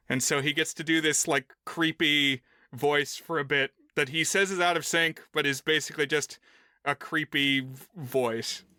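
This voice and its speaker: A man's voice: a little high, bright, forceful tone, smooth, no room sound, clean studio sound. A man co-hosting a film podcast, casually walking through a movie's plot and rules at length. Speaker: podcast co-host.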